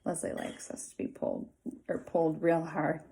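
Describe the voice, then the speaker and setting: A woman's voice: low voice, sing-song, moderate pace, gravelly, dark tone, heavily acted. A woman voicing a mischievous talking pigtail that coaxes a boy, in a raised, wheedling tone. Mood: coaxing. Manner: wheedling, tempting.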